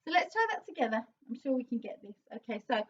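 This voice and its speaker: A vocal coach with a high-pitched voice gives a singing lesson, explaining encouragingly and occasionally breaking into a sung line to demonstrate. She talks quickly with lively intonation, sitting a little far from the mic, and the sound is slightly dull.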